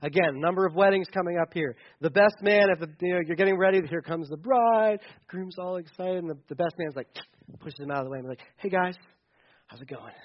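A man with a high voice preaches in a loose, conversational way and drifts into asides and jokes as he goes. The sound is slightly dull and lo-fi. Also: fairly quick. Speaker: pastor. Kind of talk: sermon.

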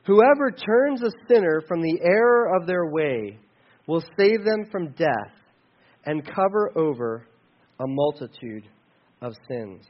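A man preaching a sermon, conversational, with sudden rises and quiet drops. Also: a little high, very animated, unhurried, dull audio. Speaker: pastor.

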